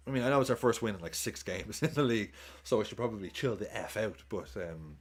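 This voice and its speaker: Male football streamer, casual live commentary, sweary and excitable, lowish voice, lively up-and-down pitch. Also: fairly quick, hardly any pauses, slightly rough. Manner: excitable, sweary, chatty, thanks tippers. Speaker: watchalong streamer.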